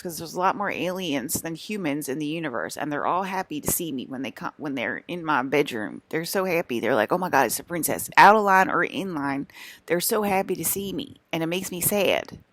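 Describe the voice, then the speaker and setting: A young woman with a low voice rambles on to her camera, scolding and exasperated. She circles back on herself with plenty of ums and likes. The sound is close and dry. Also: animated, brisk, a bit bright, dry recording. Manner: exasperated, scolding, repeats herself with many fillers. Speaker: vlogger.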